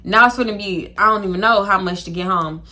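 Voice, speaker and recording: A woman's voice: medium pitch, a little fast. A young woman telling a casual, slangy story to camera and acting out the people in it. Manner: animated, slangy, swearing, acts out voices. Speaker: storytime vlogger.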